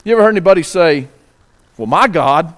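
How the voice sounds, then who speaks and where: Man, high voice, preaching a sermon, rhetorical questions, reads scripture slowly. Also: expressive, fairly bright tone. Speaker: pastor.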